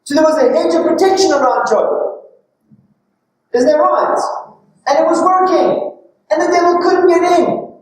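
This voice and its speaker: A woman preacher giving a sermon, often asking questions to engage her listeners and stressing her points. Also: very high voice. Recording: very echoey hall, distant mic.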